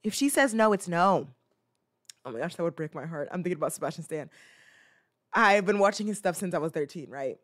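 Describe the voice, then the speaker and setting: A woman's voice: lowish voice, lively intonation, fairly quick. A woman chats casually as a show host, reacting to a clip. She rambles, restarts her sentences and acts out playful little scenes. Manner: rambling, chatty, many fillers and restarts.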